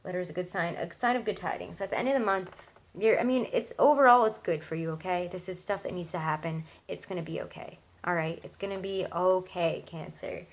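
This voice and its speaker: On a rough recording, a young woman tarot reader speaks a little fast in a voice on the low side. Her reading is casual, chatty, and reassuring, packed with "likes" and "ums."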